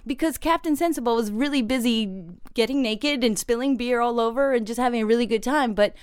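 A woman's voice: a little high, a little fast, smooth, no room sound, studio quality. A woman co-hosting a podcast, telling stories in casual chat with frequent giggles. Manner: chatty storyteller, giggly, many fillers. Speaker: podcast co-host.

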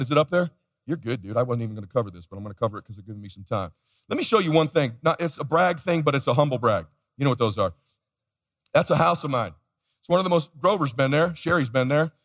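A motivational speaker gives a live keynote in a large conference hall, telling a story energetically and acting out the other people in it. His voice is a little high and fairly bright, and the live hall has a long reverb.

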